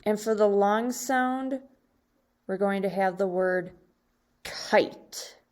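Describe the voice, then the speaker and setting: A woman teaching second graders through a recorded slide lesson. She speaks very slowly and deliberately, pausing between short phrases. She draws out each example word, and her voice sits at a medium pitch. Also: darkish tone. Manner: slow, deliberate, drawing out example words.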